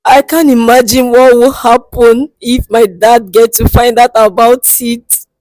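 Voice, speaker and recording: A woman's voice: fairly high pitch, steady tone, a little slow, darkish tone, no room sound, close to an everyday voice, low-quality recording. A woman playing a sobbing young woman. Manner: tearful, pleading, repeats herself. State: crying. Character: distraught young woman begging for help. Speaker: guest seeking help. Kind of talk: scripted comedy skit acting. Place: studio.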